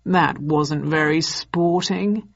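A woman voicing a genial, menacing male villain who speaks slowly and persuasively. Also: darkish tone, breathy edge, no room sound, dull audio, full character voice. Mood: smug. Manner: slow, low and persuasive.

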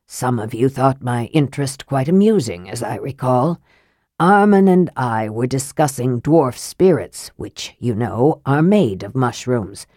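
A woman's voice: rumbling low, dark tone, no echo, clean studio sound, heavily acted. A woman reading an audiobook aloud and voicing a frail young male mage who speaks in a cold, clipped, precise way. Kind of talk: audiobook dialogue.

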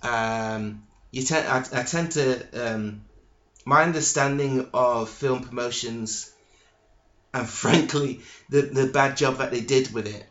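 A man hosting his own podcast, rambling slowly and haltingly with lots of ums, restarts and casual swearing. His voice sits at an ordinary middle pitch. The recording sounds dull and lo-fi, with a noticeably echoey room around him. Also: fairly bright tone. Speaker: podcast host. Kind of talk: solo podcast monologue.

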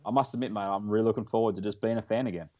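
A man's voice: fairly low pitch, steady tone, racing, dry recording, highs cut off. An Australian man hosting a podcast in a casual, jokey, chatty way. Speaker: podcast host.

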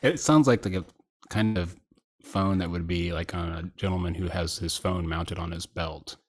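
A man's voice: low-pitched, normal speed. A man co-hosting a live show, chatting casually with laid-back short replies. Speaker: co-host. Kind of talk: casual live-stream chat.

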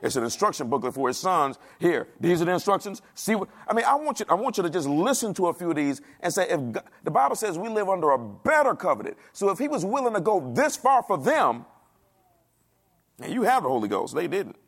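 A man preaching with a gravelly, creaky edge to a voice that sits a little high for a man. He speaks in a dialect and delivers an animated sermon, firing questions at the congregation and acting out the people he quotes. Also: brisk. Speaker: pastor.

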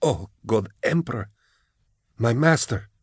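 A man voicing a nimble, daring young woman agent in an audiobook, raising his voice and speaking quick and breathy. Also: fairly high pitch, expressive, dry recording, studio quality, pitched above the performer's own voice, full character voice. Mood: eager.

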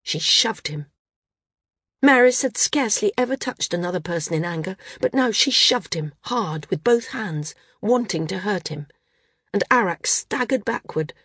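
A woman reading a novel aloud as an audiobook narrator, steady and measured. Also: on the low side, breathy edge, no echo, clean studio sound. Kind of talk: scripted narration.

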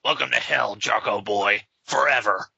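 A man doing a scornful gruff vigilante. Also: medium pitch, normal speed, sharp tone, dry recording, full character voice. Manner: curt and scornful. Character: gruff, contemptuous grown male vigilante. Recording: slightly dull lo-fi sound.

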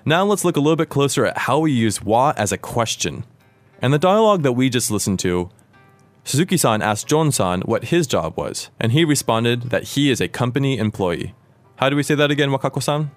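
An American man, a native English speaker, hosts a language lesson and patiently, clearly explains Japanese grammar. His mid-range voice is expressive and brisk, the recording is dry, and faint music plays behind him.

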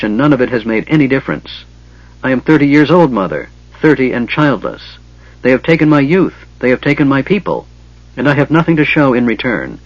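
A man's voice: medium pitch, no room sound, voice pushed up, lightly acted. A man voicing a grieving, determined woman chieftain and priestess, speaking in an impassioned, pleading way, on a slightly dull recording.

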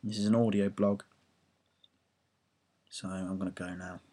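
A man's voice: sits low, little pitch movement, measured pace, dark tone. Young English man, home audio blog, rambling football rant, sweary and self-deprecating. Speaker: football fan blogger.

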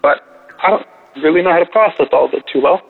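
A man from Canada calls in with a prayer request, emotional and halting, often repeating himself. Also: fairly high pitch, vocal fry, breathy edge. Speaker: caller. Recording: tinny phone line.

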